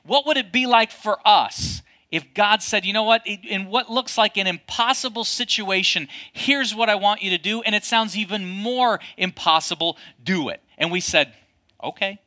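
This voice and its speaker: Bright-voiced preaching man. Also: high voice, moderate pace, few pauses. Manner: lively preaching with rhetorical questions to the congregation. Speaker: pastor. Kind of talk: sermon.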